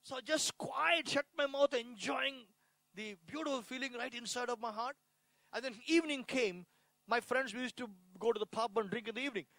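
A man with an Indian accent giving an emotional sermon testimony, repeating phrases and swinging between hushed and loud delivery. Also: extremely high pitch, fairly quick, no echo, low-quality recording. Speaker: preacher giving his testimony.

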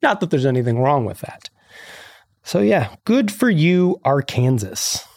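A man's voice: a little high, very animated, unhurried, creaky, a little mellow, no room sound, studio quality. A man hosting a casual podcast, reading news stories and ranting about them with sarcasm. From Illinois. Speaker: podcast host.

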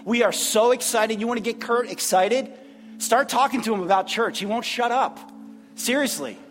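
An earnest male pastor with a high voice delivers a sermon, often repeating himself as he gathers his words. His voice carries a long hall reverb, with faint music underneath. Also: a bit bright. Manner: earnest, repeats phrases, preacherly pauses. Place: church sanctuary.

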